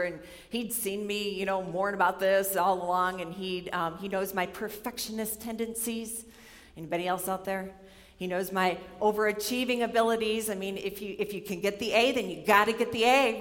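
Young woman, animated sermon storyteller, mid pitch, long reverb from a large hall. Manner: animated storyteller, acts out her own worried voice. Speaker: speaker giving a chapel talk.

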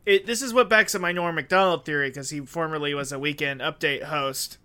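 A man with a bright, smooth, slightly high voice co-hosts a comedy podcast. He spins a silly improvised tale, laughing often and slipping into goofy voices. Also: a little fast. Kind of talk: absurd improvised comedy bit.

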